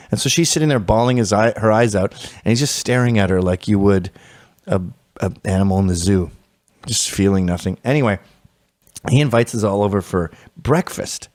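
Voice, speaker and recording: A man hosting a podcast, telling a comic story in a sardonic, exasperated, animated way. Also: fairly low pitch, moderate pace, no echo, studio quality. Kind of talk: comedic storytelling, casual chat.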